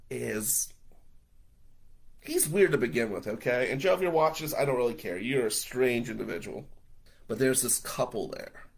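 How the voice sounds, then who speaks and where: A man with a gravelly, husky voice tells a story straight to the camera. His pitch sits mid-range, and his delivery is loose, animated and blunt, with swearing. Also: low-quality recording.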